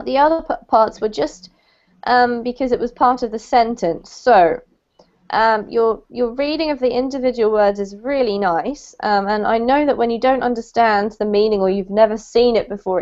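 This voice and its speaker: A woman's voice: a little high, normal speed, a little mellow. A woman teacher giving patient, encouraging pronunciation feedback to a student in an online English lesson. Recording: dull lo-fi call audio.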